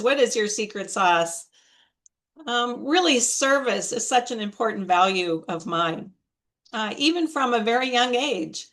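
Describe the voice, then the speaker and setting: A woman speaking as a coach on a video call, giving a motivational talk on public speaking in a deliberate, emphatic way. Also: a little high, a bit bright. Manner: slow, deliberate, emphatic delivery. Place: online video meeting.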